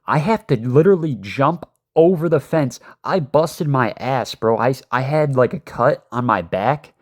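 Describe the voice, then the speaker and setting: A man's voice: medium pitch, expressive, measured pace. A man telling a casual storytime tale, rambling with many fillers and swearing.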